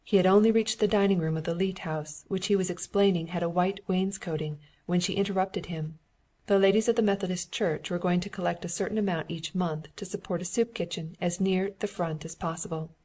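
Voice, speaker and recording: A woman narrating a classic novel as an audiobook in a steady, measured reading. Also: on the low side.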